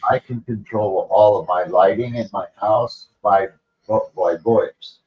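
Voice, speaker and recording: A man's voice: lowish voice, a little slow. A man explaining things plainly in casual chat, over a dull lo-fi mic.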